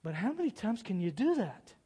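High-voiced animated preacher man. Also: fairly quick, husky. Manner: animated storytelling with dramatic build-ups. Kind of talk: sermon. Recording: long hall reverb.

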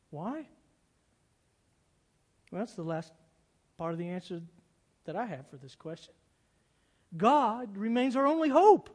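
A man preaching a sermon as pastor, earnest, swinging from loud pleas to hushed, quiet passages. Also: sits high, lively intonation, unhurried, pauses often. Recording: long hall reverb.

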